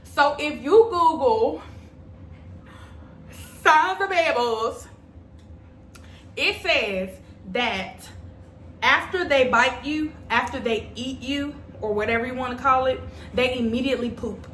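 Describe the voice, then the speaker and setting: A woman's voice: sits high, slow pace, long pauses, fairly bright tone, echoey room, a little hiss or hum. A young adult woman telling a personal story to her viewers in a chatty, dramatic way. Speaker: vlogger. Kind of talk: storytime vlog.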